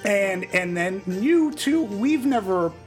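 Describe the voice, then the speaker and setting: A woman hosting a casual panel film review, chatty and halting with restarts. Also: medium pitch, lively intonation, music in the background. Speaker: host.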